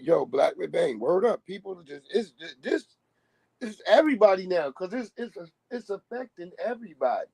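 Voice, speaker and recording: A man's voice: high voice, lively intonation, normal speed, creaky, darkish tone, no echo. A man hosting a live stream, rambling in casual street slang and laughing as he talks.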